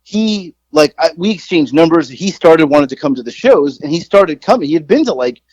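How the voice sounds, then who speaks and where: Man, forties, podcast co-host, rambling, profane, self-mocking, slightly high voice, dry close sound. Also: animated, a little fast, a little mellow, no room sound, poor audio. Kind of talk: casual storytelling.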